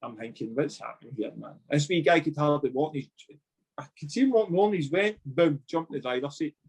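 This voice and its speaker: A Scottish man sits in as a podcast guest, a former footballer spinning yarns from his playing days. His voice sits a touch high for a man. He swears freely and laughs along as he tells it. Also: expressive, fairly quick, darkish tone, husky. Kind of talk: casual storytelling chat.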